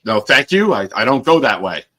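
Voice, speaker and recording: A man's voice: mid-range voice, sing-song, a little fast, pushed and bright, voice pushed up. A man voicing an earnest, literal-minded young man who talks politely and sincerely.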